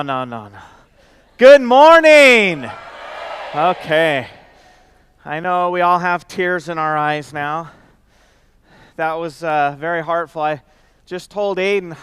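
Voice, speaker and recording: Man, slightly high voice, smooth and dry, conversational stage speech with ums. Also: measured pace. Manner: warm conversational with many fillers and restarts. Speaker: company executive speaking at event. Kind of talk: casual heartfelt stage speech.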